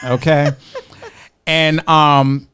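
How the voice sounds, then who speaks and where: A man tells a rambling, funny story on a podcast with a slightly high voice, acting out the people in it and breaking into laughter. His voice stays smooth and clear. The talk is loose and full of fillers. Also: very slow. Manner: lively storyteller, acts out quoted voices, laughs often, many fillers. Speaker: podcast co-host. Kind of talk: casual storytelling chat.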